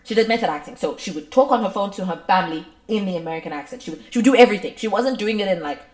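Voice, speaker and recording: A woman's voice: mid-range voice, rapid-fire. Chatty South African woman, echoey room. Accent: South African English. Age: 20s. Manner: rambling, full of "like" fillers, swings from lively to soft. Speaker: podcast co-host. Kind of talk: casual chat.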